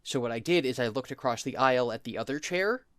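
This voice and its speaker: A man's voice: medium pitch, animated, fast talker, a bit bright, smooth, no room sound. Rambling young man with a Jersey accent. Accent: New Jersey. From New Jersey. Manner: rambling, laughs often. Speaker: podcast co-host. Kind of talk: casual chat.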